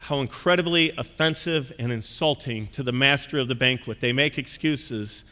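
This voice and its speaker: A man's voice: medium pitch, normal speed, pushed and bright. Folksy male pastor in an echoey hall. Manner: conversational and folksy, with frequent "uh" fillers. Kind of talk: sermon.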